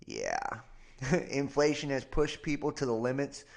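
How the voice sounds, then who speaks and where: A man's voice: medium pitch, huge pitch swings, unhurried, gravelly. Man reading news and reacting. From Cincinnati area, US. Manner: reads headlines then comments with disbelief, swears, sighs. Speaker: podcast host. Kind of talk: reading news aloud and reacting, casual live stream.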